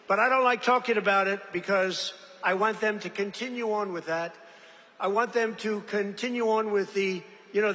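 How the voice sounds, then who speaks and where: Older guy rambling on at a rally, boastful, mocking, bright tense voice, big echoey hall. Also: high-pitched, normal speed. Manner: rambling, boastful, with mocking asides and acted-out quotes. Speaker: politician giving a speech. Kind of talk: rally speech. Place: large event venue. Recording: reverberant venue with faint ambience.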